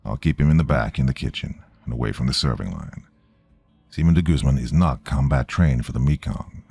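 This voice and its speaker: A man voicing a stern, protective male navy chief who speaks low. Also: normal speed, vocal fry, darkish tone, husky, no echo, faint music behind, heavily acted.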